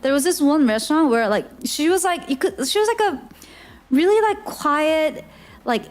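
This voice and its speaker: A woman's voice: high-pitched, expressive, moderate pace. A young woman from Korea, telling a story in a chatty, giggly way with lots of fillers. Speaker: streamer. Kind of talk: casual storytelling.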